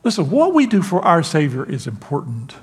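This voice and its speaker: A man preaching a sermon as pastor, animated and laughing, acting out quotes. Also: fairly high pitch, fairly quick, slightly rough, big-room sound.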